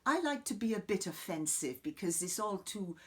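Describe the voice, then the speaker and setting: A man playing an eccentric middle-aged woman guru, rambling and swearing in an improvised comic monologue, lurching between loud outbursts and hushed asides. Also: high-pitched, very animated, normal speed. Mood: rambling musing. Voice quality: profane, wandering, sudden loud outbursts then quiet asides. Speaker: comic character host. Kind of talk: improvised character monologue to camera.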